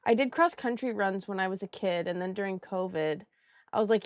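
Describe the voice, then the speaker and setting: A woman's voice: medium pitch, a little fast, dry recording, clean studio sound. A young woman streaming while she colors, chatting casually with her chat, giggling and swearing freely.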